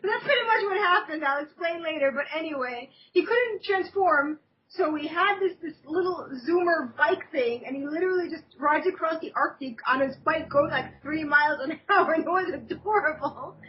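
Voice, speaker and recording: High-voiced young woman rambling off-mic. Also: normal speed, hardly any pauses, far from the mic, slight background noise. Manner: rambling, recaps plots with quoted voices. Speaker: show host. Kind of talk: casual fan chat about cartoons. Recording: dull lo-fi sound from off the mic.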